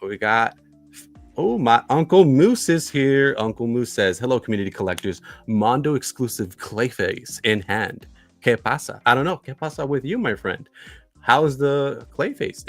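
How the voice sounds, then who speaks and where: A chatty male livestream host with a fairly low voice. He greets viewers by name, reads their comments aloud, and fills his sentences with "uh" and repeated phrases. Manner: filler-heavy, repeats himself. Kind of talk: casual livestream chat.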